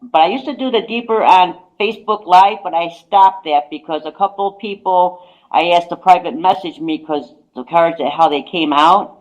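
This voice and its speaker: With a lowish voice at a normal pace, a woman who works as a psychic tells a long, relaxed story as a radio guest, saying "I says" again and again. The recording sounds muffled.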